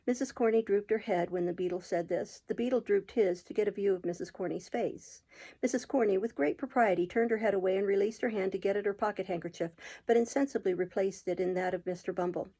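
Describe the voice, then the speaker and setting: A woman reading a classic novel aloud in a measured storytelling manner, with occasional slips and restarts. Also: mid-range voice, fairly even intonation, gravelly, mellow, breathy edge. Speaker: audiobook reader.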